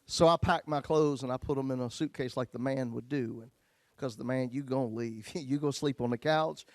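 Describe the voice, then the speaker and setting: A male pastor telling his own story in a sermon, folksy, swinging between loud bursts and hushed lines. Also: medium pitch, fairly quick, no room sound.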